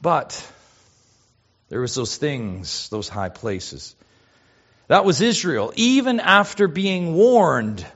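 Animated male preacher, lo-fi sound. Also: fairly high pitch, slow pace, long pauses, slightly rough. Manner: expressive preaching, swinging between loud emphasis and hushed asides. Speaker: pastor. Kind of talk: sermon.

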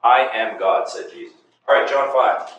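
Guy teaching bible class, emphatic, asks lots of questions, far off in a boomy room. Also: moderate pace, fairly bright tone, highs cut off. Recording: echoey room, far from mic, faint noise.

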